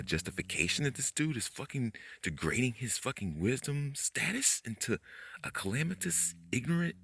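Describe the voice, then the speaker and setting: A man giving a rambling, profane late-night monologue, talking fast, tripping over his words and jumping up in pitch when he gets worked up. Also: a bit bright, no echo. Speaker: conspiracy video host.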